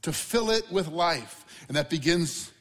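A man preaching a sermon to a congregation, conversational and animated with asides and questions to the room. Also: on the high side, measured pace, in a large hall. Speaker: pastor.

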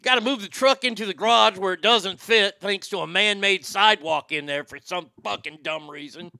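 A man's voice: high voice, normal speed, creaky, sharp tone, dry recording, studio quality. Sarcastic ranting male host. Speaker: podcast host. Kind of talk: casual ranting commentary.

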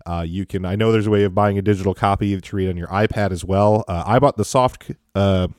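A male podcast host with a low voice and dry, close sound. He talks in a casual, rambling way, with plenty of fillers and self-corrections. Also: little pitch movement, quick pace, darkish tone, no room sound. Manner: chatty, rambling with many fillers. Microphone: home recording setup.

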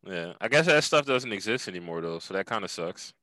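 A man's voice: low-pitched, expressive, fairly quick, sharp tone, no echo, low-quality recording. A young man hosting a podcast in laid-back casual chat, swearing often and calling his guest dude. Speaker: podcast host.

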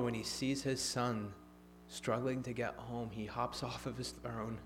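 A man preaching a sermon, swinging from emphatic, raised lines to hushed, near-whispered ones. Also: mid-range voice, flat delivery, unhurried, soft background music.

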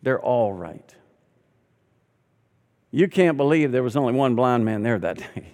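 A pastor preaches to his congregation in an animated storytelling style, acting out the voices of the people in the story. His voice sits in a middle register for a man. Long reverb from a large sanctuary trails behind every phrase. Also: medium pitch, measured pace. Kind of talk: sermon.

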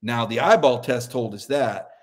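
A middle-aged man talks in a mid-pitched voice. He argues his points in a folksy, opinionated way, often restarting a phrase as he gathers steam. The feel is a casual sports debate between two co-hosts. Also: moderate pace. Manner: opinionated, folksy, repeats words when building a point. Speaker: sports columnist and co-host.

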